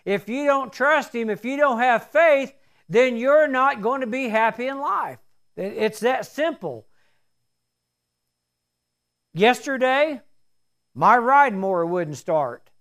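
A man's voice: extremely high pitch, animated, slow, long pauses, fairly bright tone. A middle-aged man preaching a sermon in a folksy, storytelling way with homespun asides.

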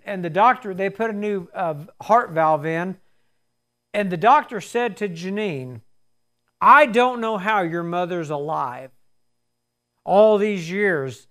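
Brief: man, preacher, earnest testimony, fervent, high voice. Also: a bit bright. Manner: earnest storytelling, rising to fervent emphasis. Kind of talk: sermon with personal testimony.

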